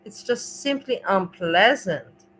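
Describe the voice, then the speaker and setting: A woman's voice: medium pitch, lively intonation, takes it slowly, fairly bright tone, slight background noise, low-quality recording. A woman hosting a livestream, chatting casually in a rambling, emotional way and swearing freely. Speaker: livestream host.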